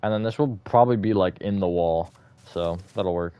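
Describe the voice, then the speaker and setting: Low-voiced guy streaming, flat then energetic. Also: moderate pace, clean tone. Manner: swings between flat, disappointed-sounding and bursts of high energy; rambling, thinks aloud with fillers and self-corrections. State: short on sleep. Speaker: livestreamer. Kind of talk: casual livestream chat while gaming.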